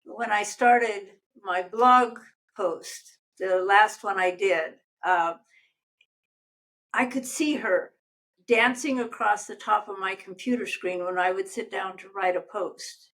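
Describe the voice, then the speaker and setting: A woman's voice: mid-range voice, slow, fairly bright tone, low-quality recording. An older woman, a life coach, chatting as a guest and telling stories animatedly while acting out voices. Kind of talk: casual interview conversation.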